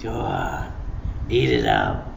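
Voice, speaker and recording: A preacher mimicking a sappy indulgent parent, very low. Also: male voice, wildly swooping pitch, slow pace, creaky, roomy sound, background noise, heavily acted. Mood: mocking. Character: doting, foolish parent spoiling a child.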